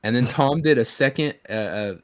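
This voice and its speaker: A man's voice: mid-range voice, moderate pace, no echo. A man chatting casually on a live stream, telling a story in a rambling way with many fillers. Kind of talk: casual chat.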